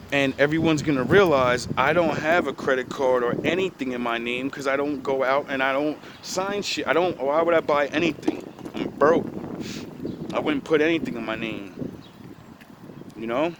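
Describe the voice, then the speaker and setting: A man's voice: medium pitch, background noise. A man ranting casually to the camera outdoors, rambling, profane and confrontational.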